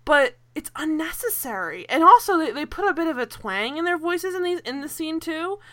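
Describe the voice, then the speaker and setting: A young woman casually chatting as a podcast co-host, animated and laughing, rambling with fillers and the odd swear word. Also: high voice, normal speed. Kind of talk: casual chat.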